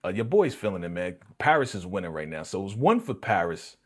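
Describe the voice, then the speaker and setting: Laid-back low-voiced man streaming. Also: very animated, brisk. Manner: laid-back, repetitive fillers. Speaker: live-stream show host. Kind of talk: live TV reaction commentary.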